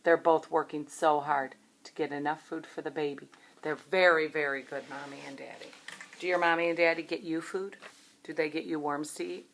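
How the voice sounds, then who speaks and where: A woman, a preschool teacher, reading a picture book aloud to young children in a gentle, expressive way, asking them questions. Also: low voice, moderate pace, slight background noise.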